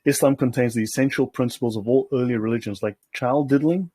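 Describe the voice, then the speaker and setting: A male host talks through documents in a loose, sardonic commentary, constantly checking in with the listener. His voice is husky and a little breathy. The sound is dry and close, with no room around it. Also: mid-range voice, fast talker, mellow, dry recording. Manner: sardonic, keeps checking in with "okay?". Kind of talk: casual commentary while reading documents aloud.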